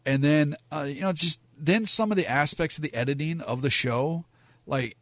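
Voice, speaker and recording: A man's voice: fairly high pitch, moderate pace, fairly bright tone, dry recording. A man giving frank, rambling opinions in a casual monologue, full of fillers and asides. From Southern California. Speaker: wrestling commentator.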